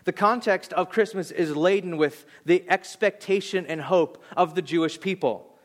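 A pastor in his thirties preaching with a high, light voice. He tells a story with animated, self-deprecating energy, stumbling through restarts when he turns reflective. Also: moderate pace. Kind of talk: sermon.

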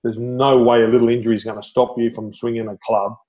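A man's voice: mid-range voice, fast talker. A middle-aged Australian man tells stories as a podcast guest, his voice rising and speeding up when the tale gets good, with laughs breaking through. The audio is a little dull and muffled, like a simple podcast setup. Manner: animated storyteller, laughs often, says "mate". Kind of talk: storytelling interview.

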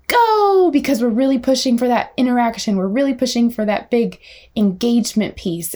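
An energetic young woman talks through speech-therapy tips in a lively teaching voice. Now and then she slows down and exaggerates words the way she would with a small child. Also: mid-range voice. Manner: energetic, animated, demonstrates child-directed speech. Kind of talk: teaching talk.

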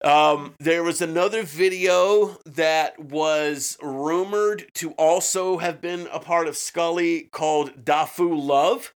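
A man's voice: a little high, steady tone, slow, hardly any pauses, clean tone. A man co-hosting a true-crime podcast in casual chat, swearing often and restarting his sentences. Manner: profane, with frequent restarts and fillers. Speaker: podcast co-host.

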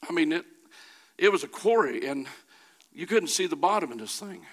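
A middle-aged man preaching a sermon, telling a folksy personal story that builds to shouting. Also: fairly high pitch, animated, moderate pace.

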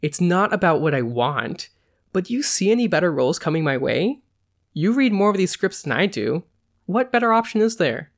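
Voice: sing-song, normal speed, close to an everyday voice. A podcast host reading a story aloud, voicing a young actress in a raised, emphatic voice. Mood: exasperated. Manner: higher, emphatic. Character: young actress, sharp and exasperated.

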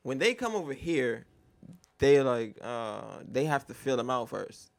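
A man's voice: medium pitch, sing-song, unhurried, creaky, no echo. Wisecracking young man, dry close sound. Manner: wisecracking, laid-back joker. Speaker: podcast co-host. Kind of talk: casual podcast chat. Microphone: studio podcast mic.

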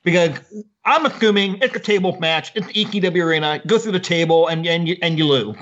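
A man co-hosting a podcast, recapping wrestling matches in casual chat. His voice is high, and the sound is dull and lo-fi. He gets exasperated and swears freely. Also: fairly quick, fairly bright tone. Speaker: podcast co-host.

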